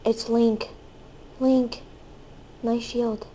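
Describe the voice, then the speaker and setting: A high-pitched woman narrating her gameplay in a hyper, playful way, her voice leaping up and down wildly. She squeals between unhurried remarks. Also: very animated, a little mellow, a little hiss or hum. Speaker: gaming video host. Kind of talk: excitable gameplay commentary.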